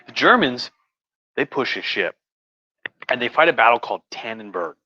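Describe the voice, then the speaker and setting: A man's voice: medium pitch, very animated, moderate pace, bright, forceful tone, no echo. Tipsy man, crude rambling history talk. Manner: crude, profane, rambling with restarts. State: tipsy from wine. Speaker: host. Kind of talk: casual livestream history talk. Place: home room. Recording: dull, muffled audio.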